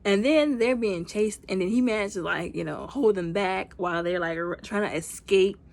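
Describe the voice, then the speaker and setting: Animated woman recapping a movie. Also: medium pitch, moderate pace, creaky. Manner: animated, acts out movie characters in quotes; heavy use of fillers like "like" and "you know". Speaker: movie reviewer. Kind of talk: casual recap and review.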